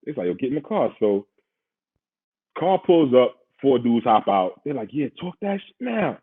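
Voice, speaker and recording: A man's voice: mid-range voice, big pitch swings, normal speed. A man from Queens with a New York accent, telling a story in casual, slangy podcast talk and laughing often. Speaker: podcast host, former pro football player. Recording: husky voice over tinny phone-like line.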